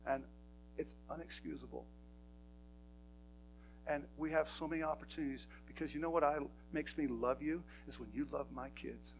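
A man's voice: fairly high pitch, expressive, normal speed, pauses often, a little hiss or hum, rough recording. A man preaching a sermon in a church, talking to his congregation in an emphatic, conversational way. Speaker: pastor.

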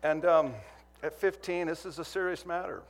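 A man's voice: on the high side, fairly even intonation, normal speed. A man from Montana preaching a sermon, telling a humorous personal story that turns earnest. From Montana, USA.

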